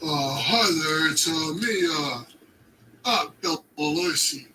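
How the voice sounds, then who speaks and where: A man's voice: a little high, expressive, slow, background noise. A man putting on a muddled, rude male commenter who rambles and swears nonsensically, a little far from the mic. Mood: mock rant.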